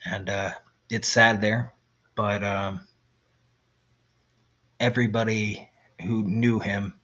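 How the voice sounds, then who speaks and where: A man's voice: fairly low pitch, slow, lo-fi sound. Laid-back man telling army stories. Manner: relaxed, laughs often, imitates friends mid-story. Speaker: guest, army veteran. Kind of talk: casual podcast storytelling.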